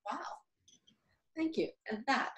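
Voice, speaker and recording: A woman's voice: high voice, expressive, slow. A woman hosting a discussion, setting up thoughtful, probing questions for her guest. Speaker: host. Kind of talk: conversational video discussion.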